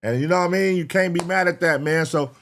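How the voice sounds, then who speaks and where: A man's voice: high-pitched, quick pace, a bit bright, slight background noise. Male reaction streamer, casual and profane, chatty with the audience. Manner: profane, rambling, talks to chat. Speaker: reaction show host.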